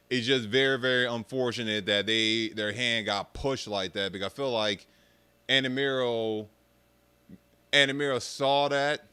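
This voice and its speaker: A young man rants to his viewers with a bright, crisp voice, cursing and mocking as he goes. His delivery is animated and loose. The sound is close and dry. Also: mid-range voice, dry recording. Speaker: streamer talking about arcade rhythm games. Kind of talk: casual rant to viewers.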